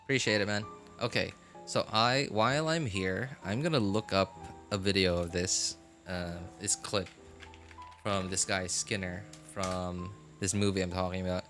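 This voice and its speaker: A man on a live game stream, talking in a relaxed and chatty way. His voice sits low but sounds bright and forceful. Soft music plays behind him. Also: measured pace. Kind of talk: casual live stream chat.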